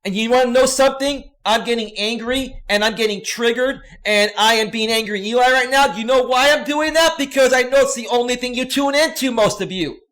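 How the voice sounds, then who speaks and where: Male streamer, high-pitched, angry profane rant to viewers. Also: brisk, few pauses, a bit bright. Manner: profane, heated, repetitive ranting. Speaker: livestream host and coach.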